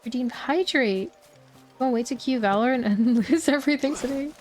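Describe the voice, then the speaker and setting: A woman's voice: high voice, fairly quick, darkish tone, faint music behind. Playful woman streaming a game. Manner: playful, chatty, talks to herself, laughs easily. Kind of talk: casual gaming commentary.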